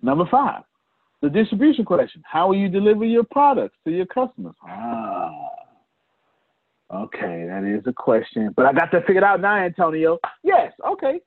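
A man leading a business coaching session on a video call. He talks in an animated way and addresses attendees by name. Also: sits high, moderate pace, dry recording. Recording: tinny phone-like call audio.

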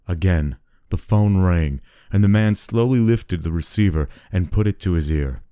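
A man casually telling a spooky story and chatting, relaxed and chuckling. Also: sits low, moderate pace, no echo, clean studio sound. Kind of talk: casual spoken story and chat.

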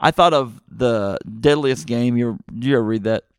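A man's voice: medium pitch, brisk, clean tone, dry recording, clean studio sound. Rambling middle-aged male podcast host. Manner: rambling, excitable retelling with many fillers and restarts. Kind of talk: casual movie podcast chat.

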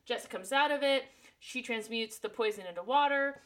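A woman co-hosting a podcast, recapping a book chapter in a jokey, irreverent way and acting out characters in quick voices. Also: a little high, a bit bright. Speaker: podcast co-host.

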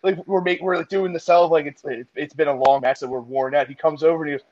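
A man's voice: a little high, quick pace, no echo, dull audio. Laughing man telling training stories. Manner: laughing, animated anecdotes. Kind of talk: casual podcast chat.

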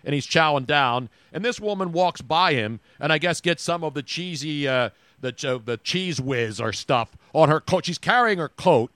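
A man's voice: on the high side, animated, moderate pace, few pauses, fairly bright tone, no echo. A man co-hosting a sports podcast, joking and rambling in casual chat. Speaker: podcast co-host.

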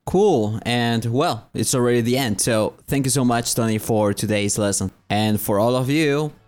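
A man hosting a casual lesson chat, hesitant and pausing to search for words. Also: mid-range voice, darkish tone, faint music behind. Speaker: host and language teacher.

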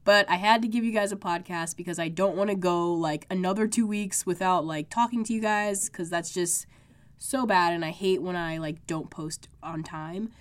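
A woman's voice: on the low side, moderate pace. Congested young woman chatting on her podcast. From United States. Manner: chatty, full of "like" fillers. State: congested, sick. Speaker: podcast host. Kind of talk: casual solo podcast chat. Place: home room with makeshift sound panels.

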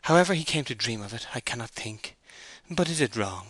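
A proud young woman farm owner, torn and anxious, her words tumbling out earnestly, as a male reader puts her on. The voice sits just above a man's own low register, bright and forceful, in a dry, close recording. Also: lively intonation, a little fast, no echo. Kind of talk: audiobook character voice.

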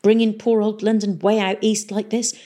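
A woman's voice: medium pitch, level tone, normal speed, warm tone, pitched above the performer's own voice, close to an everyday voice. A woman voicing a male guard on duty who mutters complaints. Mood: grumbling.

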